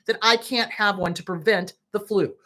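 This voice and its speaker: A woman's voice: medium pitch, normal speed, sharp tone. A woman therapist hosting a talk show, speaking bluntly and with indignation, swearing freely as she comments. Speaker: host, therapist. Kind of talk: direct-to-camera commentary.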